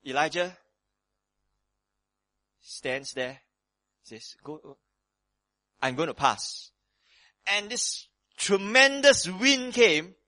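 A man preaching a sermon on a Bible passage, animated and dramatic, moving between loud emphasis and hushed tones, with casual asides to his listeners. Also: sits high, extremely slow, pauses often, dry recording. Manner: conversational asides with frequent "you know" and "right".

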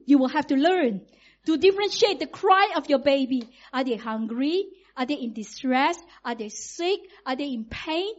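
A middle-aged woman, preaching in a lively, conversational way and acting out quotes. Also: high voice, dull audio. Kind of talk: sermon.

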